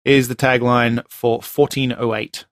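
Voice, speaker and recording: A man speaks in a level, mid-range voice with no room sound. He hosts a casual podcast movie tagline quiz, joking and laughing often, and switches to a slow, dramatic voice to read the taglines.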